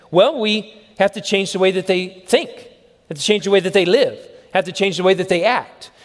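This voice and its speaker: High-voiced preacher in a reverberant hall. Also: male voice. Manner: emphatic, repeats phrases and asks the audience questions. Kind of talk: sermon. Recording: long reverb of a large hall.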